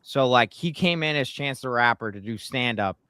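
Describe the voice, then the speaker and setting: A man telling stories in a casual chat, animated and growing heated when riled. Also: mid-range voice, normal speed, smooth, no room sound.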